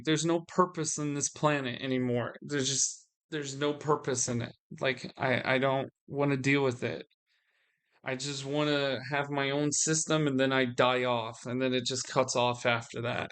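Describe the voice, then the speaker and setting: A man's voice: mid-range voice, a bit bright. A man venting to his audience in a solo video, weary and frustrated, often restarting his sentences. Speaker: vlogger.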